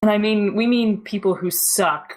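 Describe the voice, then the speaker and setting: A woman's voice: medium pitch, moderate pace. A woman co-hosting a podcast about tabletop gaming, wry and playful in casual chat. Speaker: podcast co-host.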